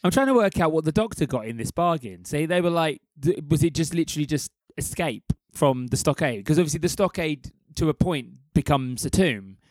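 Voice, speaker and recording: A man's voice: a little high, expressive, fairly quick, hardly any pauses, a little mellow, dry recording. A man in casual discussion who picks apart a story with speculative analysis.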